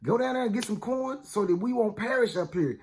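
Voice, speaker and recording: A man's voice: very high voice, expressive, a little fast, darkish tone, voice pushed up. A man voicing an older father who impatiently hurries his grown sons along with exasperated, bossy scolding. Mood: impatient urgent.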